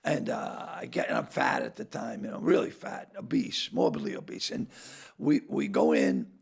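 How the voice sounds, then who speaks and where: An older man with a raspy, gravelly voice, telling stories loudly, laughing and acting out the people in them. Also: lowish voice, wildly swooping pitch, normal speed. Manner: loud, laughing, acts out voices in his stories. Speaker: comedian guest. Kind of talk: animated storytelling.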